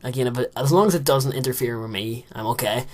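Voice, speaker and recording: A man's voice: mid-range voice, quick pace, a little mellow. A teenage boy with a Northern Irish accent, rambling in casual chat while commentating his own game play. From Northern Ireland. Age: teens. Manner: rambling, chatty, many fillers. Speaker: let's play host.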